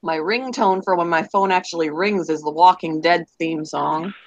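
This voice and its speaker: A woman's voice: lowish voice, moderate pace, dry recording, muffled recording. A middle-aged woman from Canada with a Canadian accent, rambling and laughing easily in casual voice chat. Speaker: voice chat participant.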